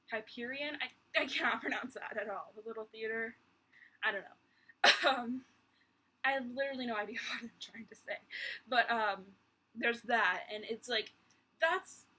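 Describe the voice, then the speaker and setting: Young woman, bedroom vlog, rambling and exasperated, husky, bright tone. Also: fairly high pitch, rough recording. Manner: rambling, exasperated, lots of sighs and giggles. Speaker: vlogger. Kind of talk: casual chat.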